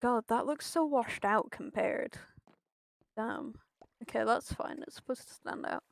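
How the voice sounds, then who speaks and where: Young woman streamer, casual gameplay chat, slow unhurried delivery with a gravelly fry, thinking out loud to viewers. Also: fairly high pitch, no echo. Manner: thinking aloud, hesitant, chatting to viewers. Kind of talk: casual commentary while playing a building game.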